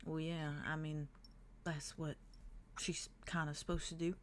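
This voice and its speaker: A woman's voice: low voice, flat delivery, unhurried, a little hiss or hum. A woman running a tabletop role-playing game, describing what characters do in a laid-back, reassuring way. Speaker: game master. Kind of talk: casual tabletop game narration.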